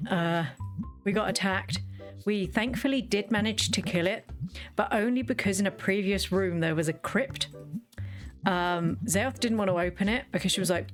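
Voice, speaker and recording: A woman's voice: medium pitch, moderate pace, soft background music. Chatty woman streaming a game. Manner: rambling, chatty, self-interrupting, playful asides. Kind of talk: casual gameplay chat.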